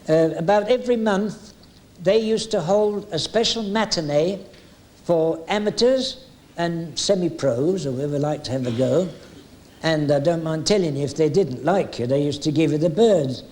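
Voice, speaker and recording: Older entertainer, somewhat high voice, chatty anecdotal storyteller with halting fillers. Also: male voice, darkish tone, slight background noise. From England. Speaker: veteran music hall entertainer. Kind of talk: anecdotal reminiscing.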